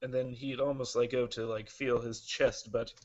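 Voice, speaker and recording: A man narrating a tabletop role-playing game as game master, halting with many fillers. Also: mid-range voice, flat delivery, highs cut off.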